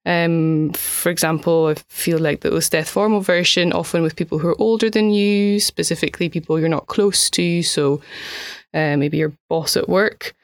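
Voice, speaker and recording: A woman co-hosting a language podcast as the learner, asking questions and slowly repeating phrases after her teacher. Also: fairly low pitch, fairly even intonation, no echo, studio quality. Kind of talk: scripted language lesson chat.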